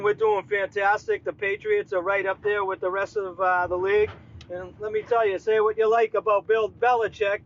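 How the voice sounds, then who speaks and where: A man with a Boston accent giving a folksy, rambling radio update as a regular contributor. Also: high voice. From Boston area. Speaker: weekly contributor. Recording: dull lo-fi remote recording.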